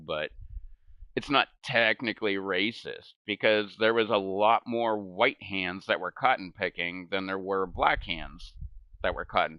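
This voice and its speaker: A middle-aged man chats casually while he games, wandering from story to story, cursing freely and laughing along with himself. His voice sits low yet carries a sharp, forceful edge, and the sound is close and dry with no room behind it. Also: dry recording, muffled recording. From United States. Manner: rambling, profane, laughs at his own stories. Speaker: gaming streamer. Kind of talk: casual chat while gaming. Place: home gaming setup.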